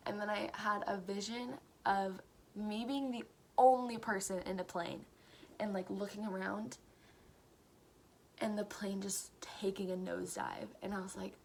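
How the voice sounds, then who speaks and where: A woman's voice: mid-range voice, flat delivery, unhurried, a little mellow. Teen girl vlogger, earnest storyteller who slips into whispers, faint hiss behind her. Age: late teens. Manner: earnest, tells story with quoted dialogue, drops to whispers at times. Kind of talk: personal storytime.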